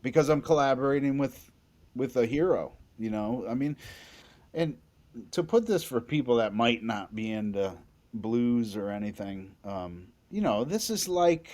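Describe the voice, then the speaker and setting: Excitable, story-telling bass musician, a man. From New England. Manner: animated, excitable, frequent restarts. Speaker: bassist guest. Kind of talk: storytelling in a podcast interview.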